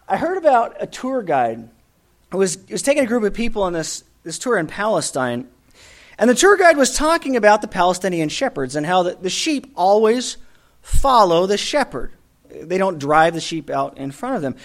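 A man preaching a sermon, telling stories and dropping to a hush at the ends of points. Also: high voice, big pitch swings, normal speed. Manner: storytelling, swings from loud emphasis to hushed endings.

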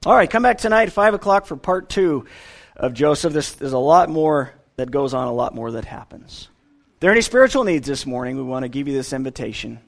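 A man's voice: mid-range voice, fairly quick, gravelly. A man preaching a sermon to a church congregation, telling stories earnestly with frequent restarts. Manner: earnest, animated storytelling with repeated restarts.

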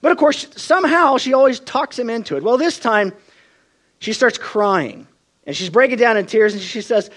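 A man's voice: very high voice, normal speed. A man preaching a sermon, telling stories and acting out the people he quotes. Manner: expressive storytelling, acts out quoted voices.

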